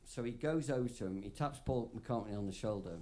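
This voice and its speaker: A man's voice: medium pitch, a little fast, warm tone, slight background noise. A drunk man rambling through a profane story on a concert stage between songs, laughing between phrases, into a stage microphone. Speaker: singer-songwriter performing live. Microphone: stage vocal mic, soundboard feed.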